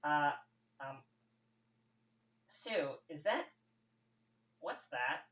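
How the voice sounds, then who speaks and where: An eager, not-too-bright young tourist blurts out wide-eyed remarks, as a man puts him on. The voice is heard from a distance in an echoey room, dulled by a lo-fi mic. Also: fairly high pitch, expressive, extremely slow, exaggerated voice. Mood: awed. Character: excitable, dim young man on a space trip.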